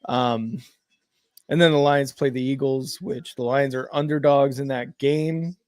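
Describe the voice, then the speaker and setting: A man's voice: medium pitch, steady tone, measured pace, darkish tone, clean tone, dry recording. Chatty man streaming football reactions, dry sound. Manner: rambling, filler-heavy, self-correcting. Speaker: co-host of a game watch-along stream. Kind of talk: casual live sports chat and play-by-play reactions.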